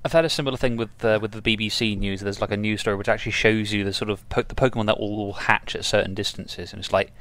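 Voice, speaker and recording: Quick, wry man. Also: lowish voice, steady tone, fairly bright tone. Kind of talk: casual podcast chat.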